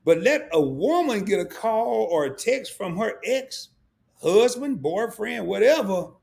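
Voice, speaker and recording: A middle-aged man hosting a casual live stream, talking to his chat in an animated way, laughing a lot and repeating words. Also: sits high, a little slow, gravelly.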